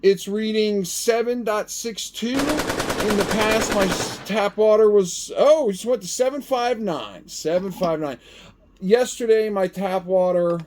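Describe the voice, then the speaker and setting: A man's voice: high voice, measured pace, slight background noise. A middle-aged man hosting a gardening vlog, chatting casually and animatedly as he tests a gadget. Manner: chatty and animated, talks to himself while testing. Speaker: gardening channel host. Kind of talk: casual product-testing vlog.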